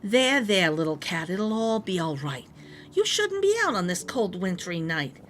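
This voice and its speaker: A woman voicing a kind, lonely old woman in a read-aloud storybook, speaking gently and softly. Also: on the low side, sing-song, a little slow, faint music behind, pitched below the performer's own voice. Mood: comforting. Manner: gentle, soft-spoken, comforting.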